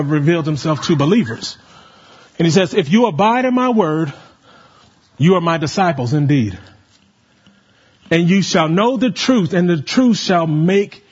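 A man's voice: on the high side, breathy edge, highs cut off. A man preaching a sermon, reading scripture and leading the congregation in call and response. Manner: rising to emphatic calls, leading the congregation.

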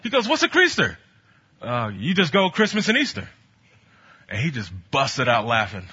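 A man preaching a sermon, telling stories from his ministry and building to bold exhortation, with a husky voice. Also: fairly high pitch. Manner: animated, storytelling, rising to bold exhortation. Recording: dull lo-fi sound.

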